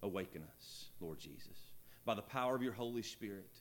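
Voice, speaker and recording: A male pastor leading a prayer and preaching, moving from hushed prayer to rising emphasis. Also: lowish voice, a little fast, a little hiss or hum. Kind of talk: sermon with prayer.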